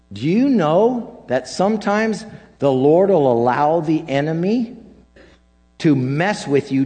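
A male pastor preaching a sermon, animated and acting out quoted dialogue. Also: on the high side. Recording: long hall reverb with mains hum.

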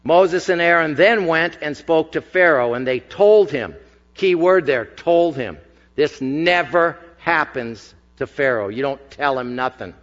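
A man's voice: a little high, expressive, unhurried, a bit bright. A man preaching a sermon in a conversational, emphatic way with casual asides, in a church hall on a dull recording with long reverb. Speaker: pastor.

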